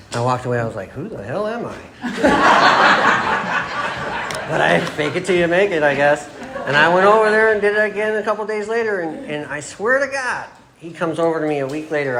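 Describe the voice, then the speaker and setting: A man's voice: medium pitch, noisy background. A middle-aged man from Michigan telling his recovery story at an AA meeting, in a loose, self-mocking storytelling style. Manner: casual storytelling, laughs at himself. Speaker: AA meeting speaker. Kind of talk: personal recovery talk. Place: meeting room.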